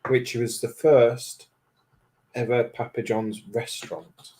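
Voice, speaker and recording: A man's voice: mid-range voice, little pitch movement, slow, dark tone. A man co-hosting a casual livestream, trading cheeky jokes and banter. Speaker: livestream co-host. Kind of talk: casual chat.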